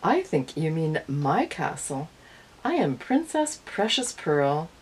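A woman's voice: low-pitched, sing-song, slow, a little mellow, husky, full character voice, low-quality recording. Woman playing Pirate Pearl, a brash pirate girl. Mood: bossy. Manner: commanding, brash. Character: bold, bossy young pirate girl.

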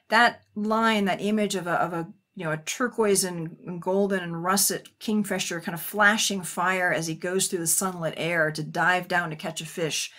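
A woman guest on a podcast, an editor of a poetry edition, explaining eagerly and quickly with frequent restarts. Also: fairly low pitch, pushed and bright.

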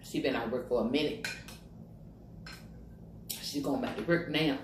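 A woman's voice: rumbling low, normal speed. A woman chats casually to her viewers while eating, humming over her food and talking with her mouth full. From Virginia, USA. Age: 50s. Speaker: mukbang vlogger. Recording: echoey room with faint noise.

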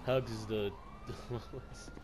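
A young man chatting casually while gaming, excitable, joking and taunting his friends. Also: on the low side, a little slow, over music. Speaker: gamer. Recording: voice chat over loud game noise.

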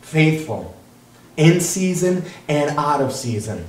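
An animated male pastor preaching a sermon, his voice rising high and ranging widely as he acts out other people's voices. He stands back from the microphone in a roomy, echoing church hall. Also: slow, far from the mic.

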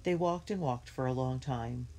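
A woman reading a children's book aloud in a clear, measured storytelling manner. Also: very deep voice, dark tone. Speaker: reader.

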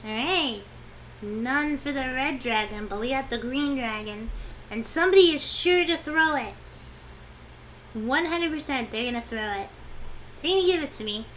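A young VTuber chats to herself about her in-game moves while streaming, sounding whiny and pleading. Her high-pitched voice has lively intonation, a moderate pace and a bit of brightness, with slight background noise.

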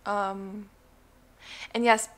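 A young woman talks to her phone camera as a new mother, her voice bright and forward in tone. She rambles, fills gaps with likes and ums, and speaks bluntly when something bothers her. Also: mid-range voice, little pitch movement, extremely slow. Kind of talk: casual chat to camera.

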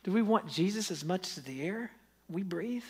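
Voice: mid-range voice, lively intonation, normal speed, breathy edge. A pastor preaching a sermon, telling stories with acted-out quotes and asking the congregation pleading questions.

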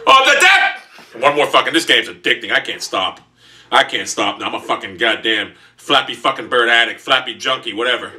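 A man giving profane gameplay commentary while seated, grumbling, then bursting into yelling outbursts. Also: mid-range voice, a little fast. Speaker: gamer. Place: seated in a chair while playing.

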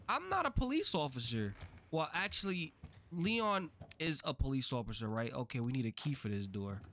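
A man doing casual let's-play commentary in a voice pitched a little above most men. He chatters on, swears freely and talks faster the more nervous he gets. A faint hiss sits under the recording. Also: a bit bright. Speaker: gaming channel host.

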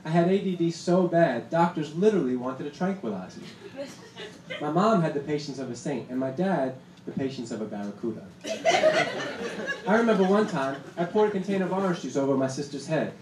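A man's voice: on the high side, brisk. Stand-up comic man in a roomy club. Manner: punchy deadpan delivery with acted-out quotes. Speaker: stand-up comedian. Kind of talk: stand-up set. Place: comedy club stage. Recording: roomy club sound with noise. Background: audience laughter.

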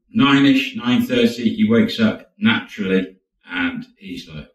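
A man's voice: lowish voice, lively intonation, normal speed, echoey room, distant mic, low-quality recording. A man casually telling a true story, chatty and acting out quotes as he goes. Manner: chatty, acts out quotes, laughs now and then.

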